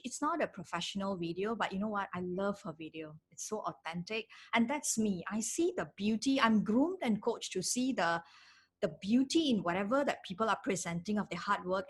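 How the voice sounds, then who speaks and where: A middle-aged woman, teaching a live webinar as an online presence trainer, animated and emphatic, repeating her key phrases. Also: mid-range voice.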